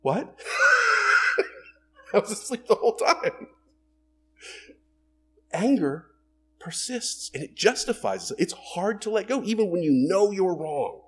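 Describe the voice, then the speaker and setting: A man preaching a sermon in a conversational, animated way, asking rhetorical questions and acting out everyday quotes. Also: high-pitched, takes it slowly, pauses often, husky. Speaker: pastor.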